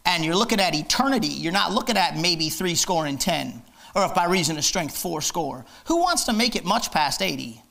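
A man's voice: fairly high pitch, big pitch swings, moderate pace, creaky, pushed and bright. A man preaching a fiery, emphatic sermon in church, hammering his points with repetition. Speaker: pastor.

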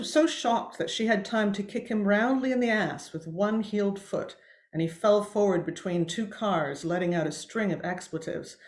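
A woman author reading a tense scene from her own novel aloud, measured and expressive, with occasional small slips. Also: lowish voice, reverberant.

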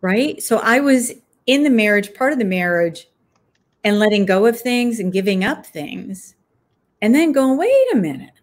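A woman's voice: mid-range voice, measured pace. A woman, an author and guest, answering interview questions reflectively and thinking aloud with frequent fillers.

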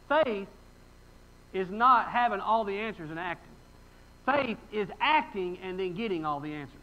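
A man's voice: high voice, sharp tone, poor audio. A pastor preaching a sermon in a folksy, emphatic way, reading scripture and asking his congregation rhetorical questions.

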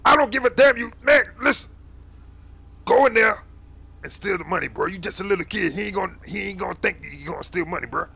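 A man's voice: high-pitched, very fast, gravelly, few pauses, sharp tone, breathy edge, exaggerated voice. A man voicing a bossy street gang recruiter, full of slang, constantly calling others boy and man.

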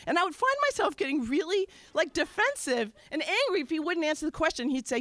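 High, lively woman telling a story. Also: fairly quick, hardly any pauses, no echo. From Wisconsin, USA. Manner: candid, conversational, self-mocking. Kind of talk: live personal storytelling. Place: stage at a live storytelling show.

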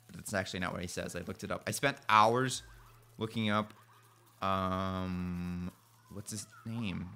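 A man's voice: sits low, fairly even intonation, a little slow, bright, forceful tone, a little hiss or hum. A young man casually rambling through let's play commentary, goofing around and talking back to the game. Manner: goofy, rambling, talks to the game. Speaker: gaming channel host. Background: game music.

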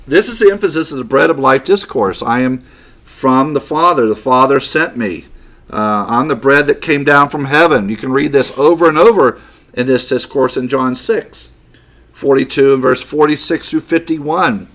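A man's voice: medium pitch, a bit bright. A man teaching a Bible class, explaining Greek words and repeating key phrases for emphasis.

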